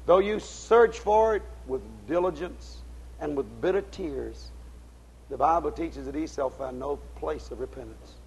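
Husky, high-voiced preacher man. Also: animated, measured pace, low-quality recording. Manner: swings between shouted exhortation and low intense tones; folksy, ungrammatical speech. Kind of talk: fiery sermon.

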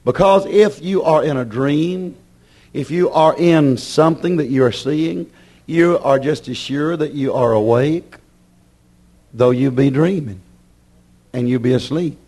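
A man preaching a sermon with passion, acting out his listeners' objections and swinging between loud declarations and hushed warnings. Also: fairly high pitch, measured pace. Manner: voices imagined objections from the congregation.

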